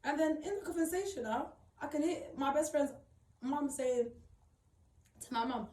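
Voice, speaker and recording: A woman's voice: sits high, brisk, a little mellow. A young woman telling her own painful story, tearful and upset, rambling and repeating herself with emphatic slang. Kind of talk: emotional personal testimony. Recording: roomy, mic at a distance.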